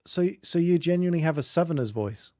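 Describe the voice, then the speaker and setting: A man's voice: a little high, animated, fast talker, warm tone, dry recording, clean studio sound. A man from Northamptonshire with an English accent, streaming and chatting casually with a rambling, self-interrupting manner. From Northamptonshire, England. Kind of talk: casual chat.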